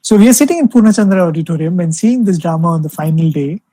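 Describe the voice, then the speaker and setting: A young man gives a devotional talk over a video call, telling stories gently with lots of "you know" fillers. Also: on the high side, lively intonation, fast, no echo, poor audio. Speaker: spiritual speaker addressing alumni.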